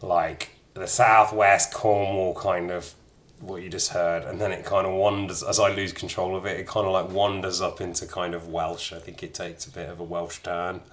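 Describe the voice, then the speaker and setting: A man's voice: low-pitched, level tone, normal speed. A man streaming a game and chatting casually, self-mocking and swearing freely. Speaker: streamer and voice actor. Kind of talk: let's-play commentary.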